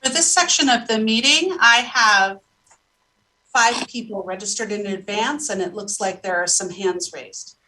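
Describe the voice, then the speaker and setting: A woman clerk slowly announcing speakers at a public meeting. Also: medium pitch, sharp tone. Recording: distant audio with faint noise.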